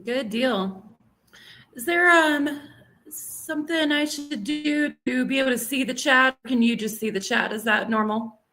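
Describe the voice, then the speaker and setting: A woman's voice: high-pitched, measured pace, bright, forceful tone. A woman, a guest in a casual conversation, easygoing and thinking aloud. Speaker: livestream guest.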